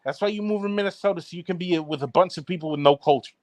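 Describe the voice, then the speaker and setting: A brash man from the East Coast mocks his co-host in rapid-fire podcast banter, looping back to the same jabs. His voice sits a little high for a man. The sound is dry and close, with no room behind it. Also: no room sound. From Baltimore area, East Coast US. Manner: brash, mocking, repeats himself with "bro". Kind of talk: casual trash-talk banter.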